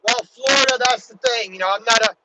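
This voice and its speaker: A man from Baltimore with a very high-pitched voice talks casually from his truck cab. He rambles, restarting sentences and dropping "you know" often. Heavy engine and road rumble fills the background. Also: fast. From Baltimore, USA. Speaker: truck driver. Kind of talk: casual vlog talk while driving.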